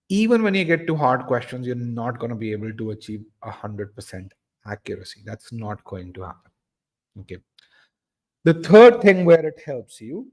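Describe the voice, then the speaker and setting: A man's voice: mid-range voice, a little mellow. A man teaching a live test-prep webinar, explaining in a talky way with many restarts and repeated words, and reading out and answering audience comments.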